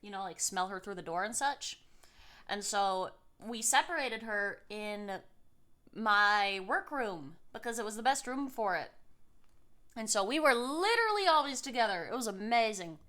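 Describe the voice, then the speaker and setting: Woman streamer, bright and bubbly, giggles a lot, coos at her pets. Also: medium pitch, expressive, moderate pace. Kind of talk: casual live-stream chat.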